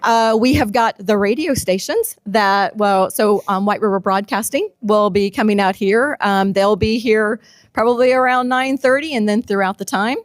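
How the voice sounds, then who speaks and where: A woman's voice: medium pitch, moderate pace, no echo. A woman co-hosting a live event in casual chat, laughing often and filling with ums. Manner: chatty, laughing, many ums. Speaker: livestream co-host.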